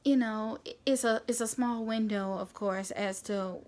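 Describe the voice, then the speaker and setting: A woman's voice: on the high side, a little slow. Chatty woman telling a storytime vlog. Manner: chatty, animated retelling with many fillers. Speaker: vlogger.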